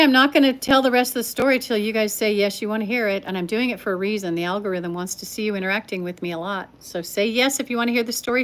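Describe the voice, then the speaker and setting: An older woman telling a story to her live-stream viewers in a chatty, teasing way, talking straight to them. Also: mid-range voice. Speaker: livestream storyteller.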